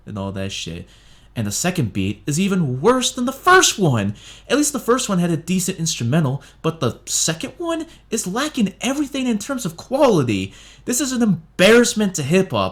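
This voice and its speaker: A man's voice: a little high, very animated, normal speed, fairly bright tone. A man ranting through a blunt, sarcastic review of songs, swearing heavily. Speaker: music reviewer. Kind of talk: profane ranting review monologue.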